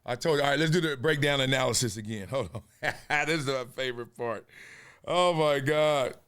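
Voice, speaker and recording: A man's voice: mid-range voice, normal speed, fairly bright tone, clean tone. A man hosting a casual sports commentary show, joking and trash-talking, now and then breaking into freestyle rhymes. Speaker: host.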